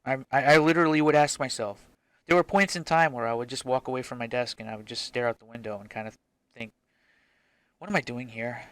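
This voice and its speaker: A man's voice: medium pitch, steady tone, fast talker, a bit bright, clean tone, dry recording. A man with a mid-range voice musing to camera about his work as an indie game developer. He speaks frankly and circles back on himself with hesitant restarts. He swears casually. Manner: frank, rambling, swears freely. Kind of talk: casual reflective vlog.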